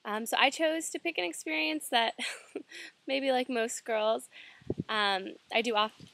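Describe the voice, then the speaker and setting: A woman's voice: a little high, measured pace, vocal fry, sharp tone, no echo. A young American woman casually telling a personal story, chatty and full of fillers. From United States. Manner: chatty, many fillers and "like"s, laughs often. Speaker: student sharing a reflection.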